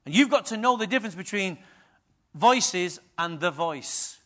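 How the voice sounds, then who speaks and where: A man in middle age delivers a sermon to his church with a high, forceful, bright voice. He tells stories in a lively way and acts out the people in them. He swings between quiet, confiding asides and loud, punchy lines. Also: a little slow. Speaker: pastor.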